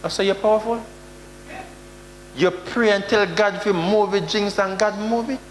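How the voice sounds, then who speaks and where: A man with a Jamaican accent preaching a sermon, with sudden loud outbursts and mock prayers. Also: sits high, normal speed. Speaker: prophet preaching. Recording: echoey hall with faint hum.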